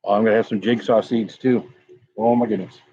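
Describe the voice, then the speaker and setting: On his relaxed pepper-tasting stream, a man speaks briskly in a lowish, mellow voice with a steady tone and a breathy edge. He rambles and says hello to viewers in chat by name, captured in a dry but dull, lo-fi recording.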